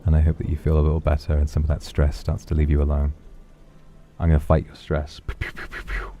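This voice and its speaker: A man streaming, chatting softly and affectionately as he reads viewer donations. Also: extremely low pitch, monotone, fast, lo-fi sound, a little hiss or hum. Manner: soft, affectionate, musing. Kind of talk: casual chat reading donations.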